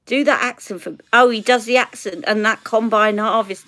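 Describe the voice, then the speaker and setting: A woman's voice: a little high, fairly even intonation, normal speed, a bit bright. A woman from the UK chatting and laughing through tangents on a live makeup stream. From United Kingdom. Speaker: beauty vlogger. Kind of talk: live makeup tutorial chat.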